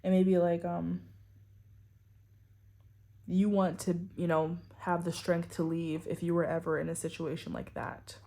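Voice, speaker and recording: A woman's voice: fairly low pitch, flat delivery, a little slow, long pauses, dark tone. A woman giving a casual tarot reading to her viewers, rambling and full of "like" and "you know". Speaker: tarot reader.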